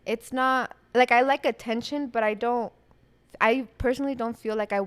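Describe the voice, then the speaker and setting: A woman's voice: a little high, fairly even intonation, normal speed, clean tone. A young woman co-hosting a podcast, chatting casually and telling stories with lots of fillers and laughs. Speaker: podcast co-host. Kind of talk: casual chat.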